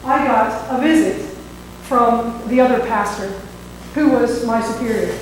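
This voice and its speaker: A woman pastor preaching a sermon, telling a story in a conversational, animated way. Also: on the high side, a little slow, slight background noise. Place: church sanctuary. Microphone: microphone that cut out. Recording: echoey hall, voice from far off.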